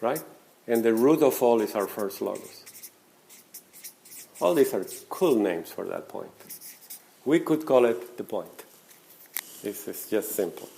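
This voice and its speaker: Animated man lecturing with an accent. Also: lowish voice, unhurried, creaky, pauses often. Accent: non-native English accent. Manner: animated, emphatic, with repeated questions to the audience; swings between loud stresses and soft asides. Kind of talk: conference lecture.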